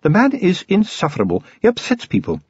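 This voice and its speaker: A man's voice: sits high, huge pitch swings, a little fast, darkish tone, husky, no room sound, dull audio, pitched above the performer's own voice, full character voice. A man reading an audiobook voices an earnest, prim male clergyman, raising his voice well above his own.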